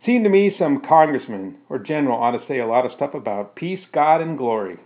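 A man narrates a first-person story in a steady voice of middling pitch, then explains it casually with fillers. The recording is narrow and phone-like. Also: fairly quick. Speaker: storyteller reading his own story.

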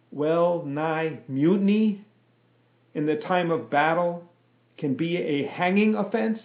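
A stern, formal army lieutenant lectures in a raised, higher voice, as a man reads him in a book. The sound is thin and tinny, as if it came through a phone. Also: roomy sound.

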